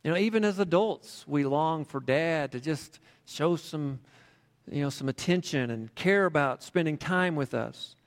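A male preacher with a somewhat high voice who delivers his sermon in a relaxed, conversational way. His voice carries a long reverb, as if in a large hall. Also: measured pace. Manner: conversational, with frequent fillers. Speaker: pastor. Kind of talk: sermon with storytelling.

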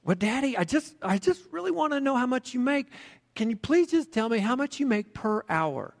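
A man voicing a timid, excited little boy who pleads eagerly with his father. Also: extremely high pitch, moderate pace, gravelly, pitched above the performer's own voice, exaggerated voice. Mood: pleading. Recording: long hall reverb.

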